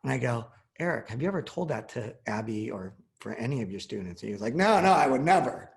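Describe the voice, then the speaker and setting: A man's voice: lowish voice, expressive, fast talker, vocal fry. A man in his forties telling a personal story in casual conversation, acting out the quoted dialogue.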